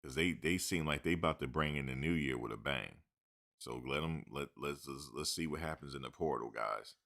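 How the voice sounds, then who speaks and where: A man's voice: rumbling low, brisk, vocal fry, fairly bright tone. A man hosting a sports talk show, rambling casually with slang and joking asides.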